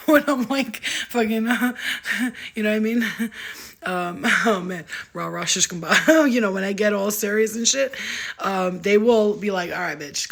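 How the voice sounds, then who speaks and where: Husky, laughing young woman. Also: medium pitch. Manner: laughing, playful, swearing, slang-heavy. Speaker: spiritual channeler and vlogger. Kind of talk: casual chat to camera.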